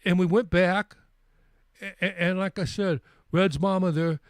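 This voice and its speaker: A man in his sixties hosts a live stream and spins a travel story in a rambling, easygoing way. He repeats words and restarts sentences as he goes. His voice sits a bit high for a man, and the sound is dry and close. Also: fairly even intonation, unhurried, no echo. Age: 60s. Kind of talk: casual storytelling.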